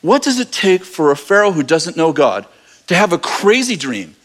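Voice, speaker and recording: Animated male preacher with a high voice, telling a story with humor and acted-out voices. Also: moderate pace. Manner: animated, acts out voices, jokey asides. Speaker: pastor. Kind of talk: lively storytelling sermon.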